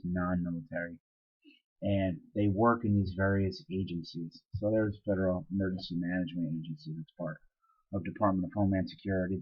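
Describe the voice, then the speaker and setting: A man's voice: low voice, husky, lo-fi sound. A man teaching social studies in a casual, explanatory recorded lecture, with fillers and asides.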